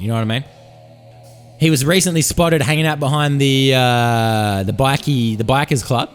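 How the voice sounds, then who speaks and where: A man hosting a podcast, telling a comic story in a rambling, profane, hyped-up way. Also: mid-range voice. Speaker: podcast host. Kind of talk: comedic storytelling monologue. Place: Sydney.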